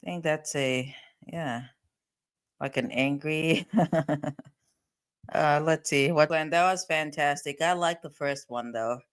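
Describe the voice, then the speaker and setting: A woman's voice: low-pitched, takes it slowly, pauses often, clear, resonant tone. A woman hosting a livestream, talking casually to her viewers. She is chatty and laughs easily. Her voice sounds a little tired. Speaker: livestream host.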